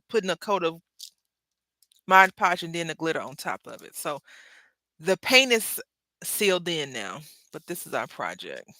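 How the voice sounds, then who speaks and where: Woman host, bright forward voice, chatty and rambling, casual craft livestream. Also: mid-range voice, dry recording. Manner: chatty, rambling, self-correcting, addresses viewers as y'all.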